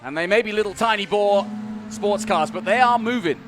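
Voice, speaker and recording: A man's voice: high-pitched, moderate pace. A man working as race co-commentator, upbeat and bantering with his partner. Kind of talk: live motorsport commentary. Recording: noisy trackside with engine sound.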